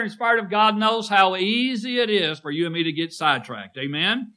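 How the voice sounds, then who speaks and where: Preaching with emphasis and repetition, this man calls out congregants by name and draws responses from them in call-and-response. His voice sits high, bright, pushed and smooth, at a moderate pace.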